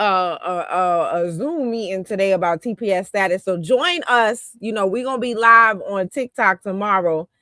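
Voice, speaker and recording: A woman's voice: medium pitch, fairly bright tone, dry recording. A woman giving heated, scornful commentary on a live stream, laughing and talking in a colloquial way. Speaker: commentator on a political talk stream.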